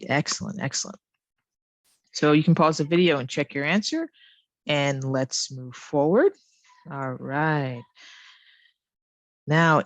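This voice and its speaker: A woman giving an online English lesson reads out example sentences slowly, exaggerating the rise and fall of her intonation. Her voice is deep, and the recording carries no room sound.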